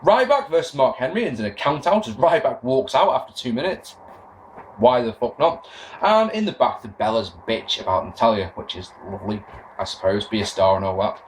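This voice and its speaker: Talking a little fast in a mid-range voice, this young wrestling podcast host recaps a show with animated, sarcastic rants, swearing as he goes. There's slight background noise.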